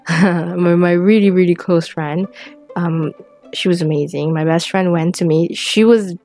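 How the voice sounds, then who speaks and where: A teenage girl telling a personal story in a rambling, halting way with many restarts, close to tears at times. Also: lowish voice, a little mellow. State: tearful at times.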